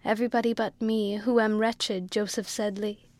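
A woman's voice: medium pitch, flat delivery, moderate pace, darkish tone, dry recording, lightly acted. A woman voicing a wistful, scheming lady with a French lilt. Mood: wistful, coaxing. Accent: French-tinged English, put on. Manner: wistful, coaxing. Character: sad scheming woman with a French-tinged accent.

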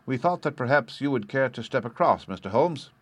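A man's voice: medium pitch, lively intonation, a little fast, slightly rough, no room sound. A man voicing a keen young police inspector who reports details in a polite, businesslike way, in an audiobook reading.

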